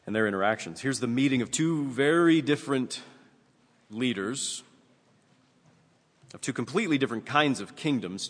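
Earnest low-voiced man preaching in a reverberant hall. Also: fairly bright tone. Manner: earnest, measured preaching with emphatic rises. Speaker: pastor. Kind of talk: sermon with scripture reading.

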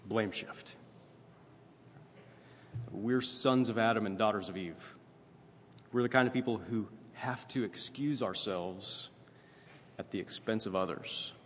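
Lower-voiced man preaching in a reverberant hall. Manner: conversational preaching, frequent "right?" asides. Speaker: pastor. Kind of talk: sermon. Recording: long reverb, faint ambient noise.

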